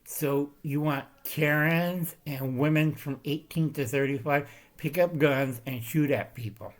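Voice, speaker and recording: This is a man running his own channel, his voice on the high side with fairly even intonation and an unhurried delivery. He rambles forcefully through political commentary, frequently tossing in "Okay?" and "All right?"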